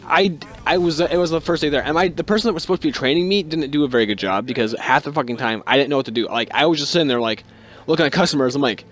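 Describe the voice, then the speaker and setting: A man's voice: racing, a bit bright. Foul-mouthed young man telling work stories. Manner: swears constantly, rambling and sarcastic; acts out quoted people with jumps in pitch. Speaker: vlogger. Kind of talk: casual storytelling vlog.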